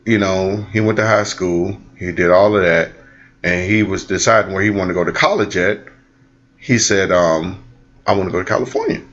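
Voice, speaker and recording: This muffled clip features a Midwestern American man, a father and co-host, telling family stories in casual chat at a normal pace. He's animated, acting out the voices he quotes with big jumps in pitch.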